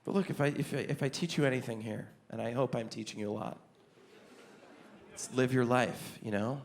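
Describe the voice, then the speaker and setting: A young man performing a stand-up comedy set on a club stage, telling stories in an animated way and jumping into high, excited voices for himself. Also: a little fast, creaky.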